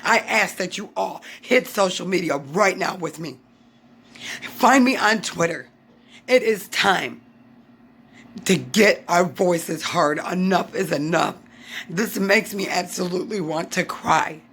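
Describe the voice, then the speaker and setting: A woman's voice: on the low side, unhurried, gravelly, a bit bright, husky. A woman from the United States giving an impassioned vlog update, upset and frustrated, hammering her points with repeated phrases. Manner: emphatic, repeats lines for punch. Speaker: YouTube vlogger.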